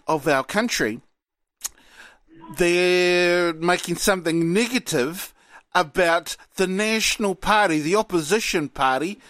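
Relaxed New Zealand man hosting, dry sound. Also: high voice, no room sound. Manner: relaxed, halting, many fillers. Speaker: show host. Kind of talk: casual radio-style chat.

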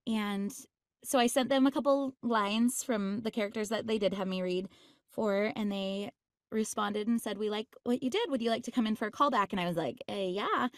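A woman's voice: medium pitch, no room sound, studio quality. A woman voice actress chatting in an interview, bubbly and laughing often, with many fillers. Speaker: voice actress guest. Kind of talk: casual interview chat.

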